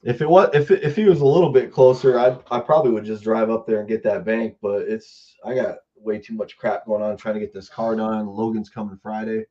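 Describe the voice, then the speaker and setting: A man's voice: on the low side, fairly even intonation, a little fast, few pauses, dark tone. A man co-hosting a podcast in casual chat, rambling and often restarting his sentences. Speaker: podcast co-host. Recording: slightly dull lo-fi sound.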